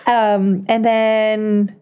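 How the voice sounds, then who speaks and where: A woman's voice: medium pitch, little pitch movement, drawn-out words, mellow, smooth, lo-fi sound. A young woman co-hosting a podcast in casual chat, giggling often as she talks. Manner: giggly, laughs often mid-sentence. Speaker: podcast co-host.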